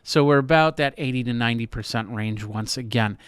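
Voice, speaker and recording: A man's voice: mid-range voice, a little fast, clear, resonant tone, no room sound. Man explaining a mic, dry sound. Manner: explanatory, walks through steps with fillers. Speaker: tech reviewer. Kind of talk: casual product demo. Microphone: studio podcast mic close to mouth.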